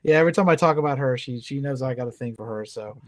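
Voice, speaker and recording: Fast-talking American man, middle-aged. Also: medium pitch. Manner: fast, enthusiastic, chatty. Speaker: podcast guest. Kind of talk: casual chat.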